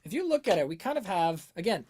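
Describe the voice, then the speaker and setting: A man talking through a song on a casual livestream, his pitch swinging freely up and down as he thinks aloud. He reads out the chat, answers it, and now and then hums a melody over a webcam setup. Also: big pitch swings, fast, a little mellow, a little hiss or hum. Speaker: music analysis livestream host.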